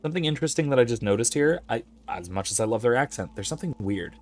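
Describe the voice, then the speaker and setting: A man's voice: medium pitch, animated, quick pace, few pauses, soft background music. A man hosting a let's play, chatting casually and rambling into academic digressions while reading chat messages aloud. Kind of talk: casual gameplay commentary.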